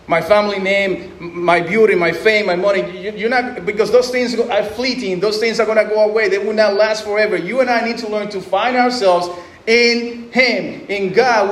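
High-voiced man preaching in an echoey hall. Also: a bit bright. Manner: conversational preaching with restarts and acted-out quotes. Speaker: pastor. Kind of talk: sermon. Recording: echoey room, faint noise.

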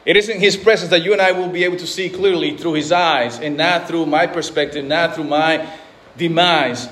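A man's voice: on the high side, normal speed, fairly bright tone. A man preaching a sermon in an earnest way, often repeating and restarting words. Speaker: pastor.

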